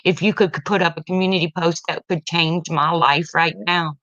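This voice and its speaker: Speaking at normal speed with fairly even intonation, a middle-aged woman rants about her family online as a frustrated parent; she is blunt, heated, and occasionally tearful. Her voice is on the low side with a fairly bright tone. The dry recording has a dull lo-fi quality.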